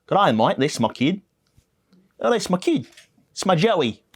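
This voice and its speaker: A man's voice: high-pitched, sing-song, measured pace, husky, voice pushed up, full character voice. A man putting on a cheery Australian mom. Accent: mock Australian. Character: brash middle-aged Australian mom, woman.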